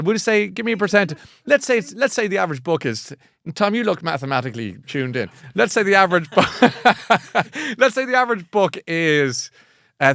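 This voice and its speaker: A man's voice: high-pitched, gravelly, no echo, clean studio sound. Chatty Irish man hosting a show. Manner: chatty, animated, laughing, self-mocking. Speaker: host. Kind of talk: casual chat.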